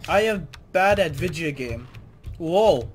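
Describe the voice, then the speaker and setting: A man's voice: fairly high pitch, slow, a little hiss or hum. A man streaming a game, chatting casually and yelping when startled. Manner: excitable, yelps and shouts when surprised. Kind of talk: casual gaming banter.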